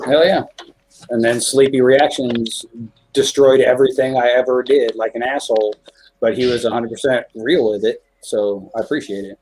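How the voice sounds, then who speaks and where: A man's voice: mid-range voice, fairly even intonation, normal speed, a little mellow, slightly rough, low-quality recording. A man, a guest on a music podcast, chatting casually, joking and swearing freely. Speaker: interview guest, music creator. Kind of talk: casual profane podcast chat.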